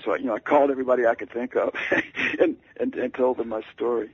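Gravelly man telling a story with many stammers. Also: mid-range voice, very animated, no echo. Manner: halting, stammering, self-deprecating. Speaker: author guest. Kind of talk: anecdote storytelling on radio. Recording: dull lo-fi radio sound.

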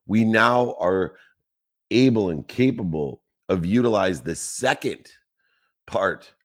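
Deep-voiced male motivational speaker, emphatic, list-heavy cadence, rhetorical questions. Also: animated, takes it slowly. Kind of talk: motivational talk.

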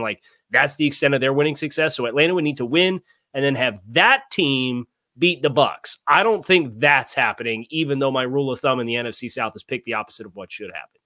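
A man's voice: mid-range voice, bright, forceful tone, no echo, studio quality. A man on a sports panel, analytical and wry, running through numbers in casual chat. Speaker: podcast panelist.

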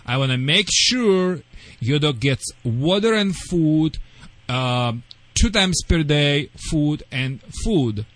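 Higher-voiced man with broken English. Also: expressive, slow, a bit bright, no echo. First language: not English. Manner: broken English, emphatic step-by-step instructions. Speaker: dog trainer. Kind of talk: radio call-in advice.

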